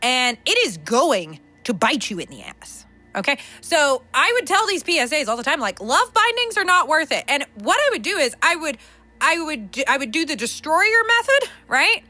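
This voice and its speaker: A woman's voice: sits high, sing-song, moderate pace, bright, forceful tone. A woman hosting a podcast, ranting bluntly and profanely with lots of restarts. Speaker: podcast host. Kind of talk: unscripted spiritual rant. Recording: faint background music.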